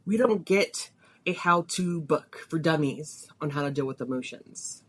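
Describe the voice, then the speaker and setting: A woman's voice: sits low, measured pace, slightly rough. Emotional woman telling a personal story. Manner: emotional, confessional, voice rising and dropping with feeling. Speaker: podcast host.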